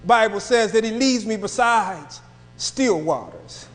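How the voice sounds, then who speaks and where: A man preaching a sermon in a church, moving from quiet reflective passages to raised, emphatic delivery. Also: sits high, big pitch swings, unhurried, big-room sound, faint music behind. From northern United States. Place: church sanctuary.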